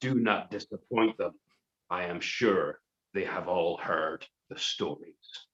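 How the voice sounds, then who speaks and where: A man voicing a cruel, sneering villainous duke in a comic story, drawing out each word slowly. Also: deep voice, a bit bright, lo-fi sound, voice pushed down. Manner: slow, sneering, drawn-out delivery.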